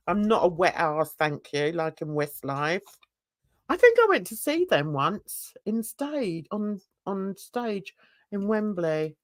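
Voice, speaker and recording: Brief: older woman from England, livestream host, animated, laughs often, dry video-call sound. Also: takes it slowly, dry recording. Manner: animated, laughing, swearing, jumps into high excited squeals. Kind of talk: casual livestream chat.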